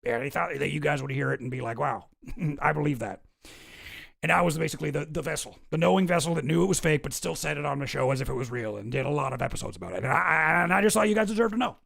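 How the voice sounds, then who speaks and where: A man's voice: a little high, expressive, fast, gravelly, fairly bright tone, full character voice. A man doing a sarcastic impression of a blustering talk-show host making a fake, rambling confession. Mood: mock-sincere. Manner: mock-sincere, sarcastic, rambling.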